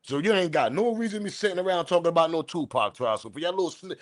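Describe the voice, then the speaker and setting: Fired-up guy ranting on his livestream, kinda high voice, dry close mic, cusses and yells at the chat. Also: lively intonation, fast talker, hardly any pauses, no room sound. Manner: loud, heated, profane, addresses chat directly. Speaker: livestream news host. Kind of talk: ranting live commentary.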